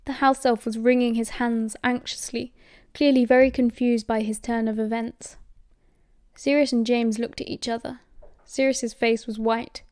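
A woman with a British accent reading audiobook narration at a steady, measured pace. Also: on the high side, dry recording. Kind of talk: scripted narration.

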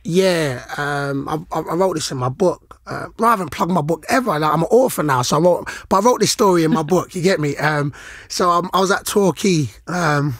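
A middle-aged man, co-hosting a podcast in casual chat, animated and slangy, acting out the people in his stories. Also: fairly high pitch, a little fast, dry recording, clean studio sound. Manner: animated, slangy, acts out quoted lines. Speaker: podcast co-host, former footballer.

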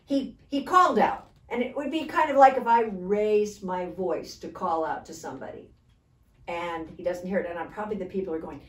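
A woman's voice: lowish voice, normal speed. A woman co-leading a church Bible study, explaining the passage conversationally and often checking in with "okay?". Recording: echoey room, distant mic.

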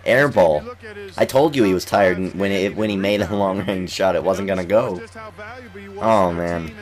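A young gaming YouTuber with a lowish voice gives loose, excitable let's-play commentary over a basketball video game at a moderate pace. Getting over an illness, he coughs now and then and trash-talks the players on screen.

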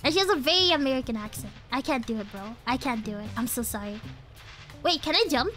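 A playful young woman giving live commentary on a cozy game, laughing often and dropping slang. Her voice is high and bright, and it leaps around a lot. Faint music plays underneath. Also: lively intonation, fast. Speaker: streamer.

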